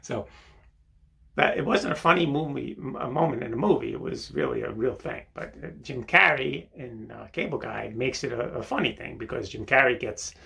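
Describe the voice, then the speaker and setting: A man's voice: medium pitch, moderate pace, gravelly, pushed and bright. An older man hosting a rambling comic monologue while seated on a toilet in a bathroom, full of fillers and "right?". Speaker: comedy monologue host.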